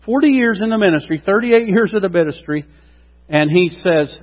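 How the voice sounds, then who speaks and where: Man preaching, middle-aged, high lively voice, long hall reverb, dull lo-fi sound. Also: fairly quick. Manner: animated preaching, acts out quotes, asides to congregation. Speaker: pastor. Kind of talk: sermon.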